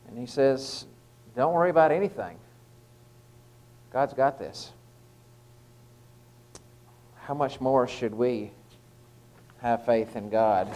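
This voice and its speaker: A man gives a relaxed, informal devotional, talking through scripture in an everyday tone. He pauses often, restarting phrases and filling gaps with "uh". His voice sits at an ordinary middle pitch. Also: rough recording. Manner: conversational, with frequent fillers and restarts. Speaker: lay preacher giving a short devotional.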